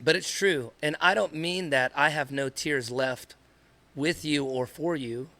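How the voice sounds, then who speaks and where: Man, podcast co-host, high gravelly bright voice, earnest and rambling, dry close sound. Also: a little slow. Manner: earnest, rambling, repeats himself. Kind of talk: candid podcast conversation.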